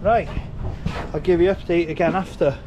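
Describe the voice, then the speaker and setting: A man's voice: high-pitched, steady tone, normal speed. A man who works as a bricklayer, talking bluntly and loosely to a handheld phone on an outdoor building site, swearing often. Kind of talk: casual site vlog. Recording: noisy outdoor site audio.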